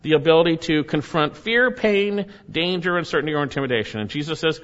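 A man's voice: expressive, fairly quick, few pauses. Emphatic preacher man in a reverberant hall. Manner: swings from loud emphatic peaks to low quiet lines; repeats key phrases for emphasis. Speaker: pastor. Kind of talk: sermon. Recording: dull sound with long hall reverb.

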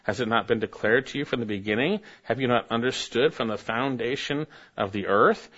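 A man preaching a sermon, reading scripture aloud and building to sudden emphatic rises in pitch and force. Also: fairly quick, fairly bright tone, dull audio. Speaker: pastor.

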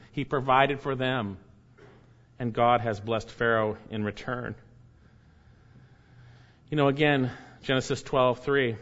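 A man preaching an expository sermon, reading scripture slowly and repeating key phrases for emphasis. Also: medium pitch, lo-fi sound. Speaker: pastor.

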